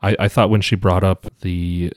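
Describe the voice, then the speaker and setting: A man's voice: low voice, little pitch movement, normal speed, dry recording, studio quality. A man who is a chef, talking eagerly as a podcast guest. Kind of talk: casual chat.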